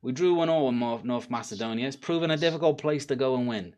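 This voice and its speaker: A man's voice: mid-range voice, fast, a little mellow. A young man with a Cardiff Welsh accent, rambling and swearing freely as he chats casually to his livestream viewers. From Wales. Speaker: livestream host.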